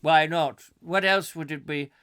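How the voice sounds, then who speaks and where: A man's voice: a little high, steady tone, measured pace, fairly bright tone, smooth. A man voicing a stubborn, pompous husband in an improvised comic sketch, bluff and insistent. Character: stubborn pompous husband, set in his ways.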